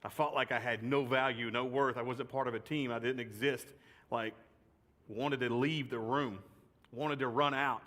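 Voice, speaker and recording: A man's voice: medium pitch, steady tone, normal speed, fairly bright tone. A man giving a chatty, joking youth sermon full of personal stories, repeating phrases for effect. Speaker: youth speaker. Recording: long reverb of a large hall.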